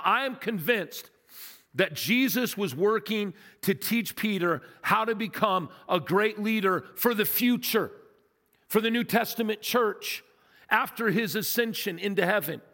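Man, sermon, conversational, emphatic, rhetorical questions, slightly high voice, long reverb. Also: sharp tone. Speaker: guest preacher.

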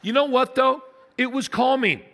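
An older man preaching as a pastor, telling a story and swinging between emphatic peaks and quiet low asides. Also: normal speed. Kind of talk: sermon. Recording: long reverb of a large hall.

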